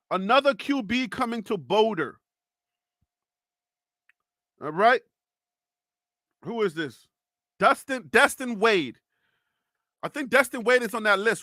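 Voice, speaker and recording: A man hosting a live sports stream, teasing chat viewers with loud, playful talk. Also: sits high, lively intonation, slow pace, long pauses, dry recording, clean studio sound. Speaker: live sports show host.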